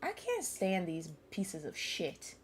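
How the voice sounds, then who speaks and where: A woman's voice: on the low side, wildly swooping pitch, takes it slowly, husky. A young woman streamer commenting live on a game, ranting angrily and swearing at the characters. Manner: angry, profane, ranting at characters.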